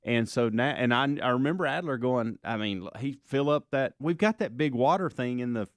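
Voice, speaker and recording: A man hosting a casual morning radio show, rambling through stories in a relaxed way. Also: mid-range voice, moderate pace, no room sound. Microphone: studio microphone.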